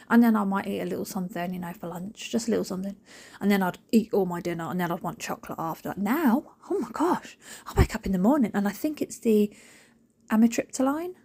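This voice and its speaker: Husky chatty woman. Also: mid-range voice. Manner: animated, rambling, jokey asides. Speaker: cleaning vlogger. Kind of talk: chatty voiceover.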